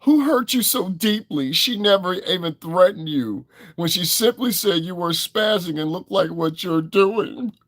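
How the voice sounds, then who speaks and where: A man putting on a high, whimpering falsetto to mock an oversensitive young man. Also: lively intonation, measured pace, few pauses, fairly bright tone, dry recording, heavily acted. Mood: whiny. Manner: whimpering, exaggerated falsetto mockery.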